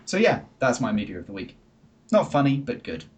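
A man's voice: medium pitch, big pitch swings, a little fast. A man co-hosting a podcast in casual chat, talking in a chatty, hesitant way with many fillers and restarts. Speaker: podcast co-host.

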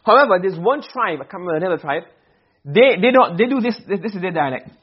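A male teacher giving a classroom lecture on grammar, explaining and then checking understanding with quick questions. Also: high voice, expressive, husky, highs cut off.

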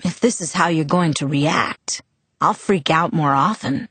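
A woman's voice: deep voice, unhurried, fairly bright tone, husky, dry recording, full character voice. A woman reading the lines of a teasing, easygoing teenage boy in an audiobook. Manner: teasing, casual.

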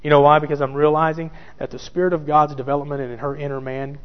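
A man preaching with a fairly high voice, driving his points home by repeating them. He speaks straight to the men in the pews. The recording is dull and rings with long church reverb. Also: flat delivery, fast talker. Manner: emphatic, repeats key phrases, addresses listeners directly. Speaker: pastor. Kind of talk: sermon.

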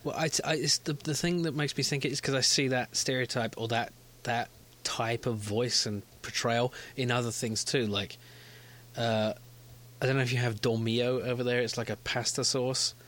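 A man co-hosting a podcast, arguing his point in casual chat and laughing easily. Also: medium pitch. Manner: animated, argumentative, quick to laugh. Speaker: podcast co-host.

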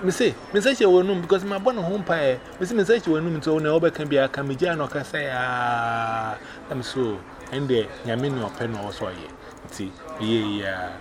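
Ghanaian guy telling his story casually, animated, noisy room behind him. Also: mid-range voice, moderate pace. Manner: mixes Twi and English, animated retelling with quoted voices. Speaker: evangelist. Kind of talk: personal testimony, casual storytelling. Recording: audible background noise.

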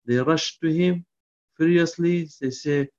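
A man giving a lecture on Quran commentary, reciting Arabic verses quickly and then explaining them in halting English with many restarts. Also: fairly high pitch, steady tone, a little mellow. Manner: frequent restarts and fillers. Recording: dull lo-fi recording.

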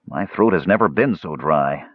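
A man's voice: very deep voice, expressive, moderate pace, slightly rough, no echo, dull audio, exaggerated voice. A man voicing a bold young half-elf hero. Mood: earnest. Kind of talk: audiobook character voice.

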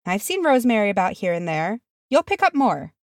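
A woman reading aloud and voicing a cheerful young male hobbit, comforting and bright. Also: sing-song, fairly quick, dry recording, clean studio sound. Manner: comforting, high-pitched.

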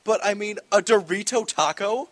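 A young man in casual chat, making quick jokey remarks. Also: sits high. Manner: jokey, animated, quick quips.

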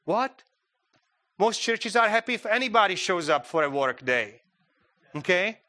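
A man's voice: high voice, sing-song, moderate pace, pushed and bright. A man preaching a sermon in a church, talking conversationally with many fillers and restarts. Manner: conversational, frequent "you know" fillers and restarts. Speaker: guest preacher.

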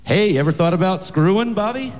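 A man's voice: high-pitched, lively intonation, brisk, a little hiss or hum, voice pushed up. A man voicing a friendly sixties father, talking in a folksy, chummy way in a raised voice, heard in a large echoing hall. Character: friendly 1960s father of a teenage girl. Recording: long reverb of a large hall.

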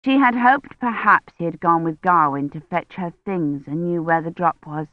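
A woman narrating an audiobook in a measured, steady reading. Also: on the low side, no echo. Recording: dull dry audiobook recording.

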